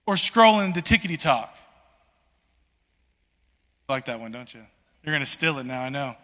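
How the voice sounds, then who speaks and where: A man preaching a sermon in a conversational, animated way, full of restarts and filler words. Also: medium pitch, moderate pace. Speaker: pastor. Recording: long reverb in a large hall.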